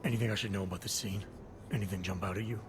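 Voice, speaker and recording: A man playing a quick, clipped forensic investigator. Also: lowish voice, fairly even intonation, noisy background, natural voice. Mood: brisk.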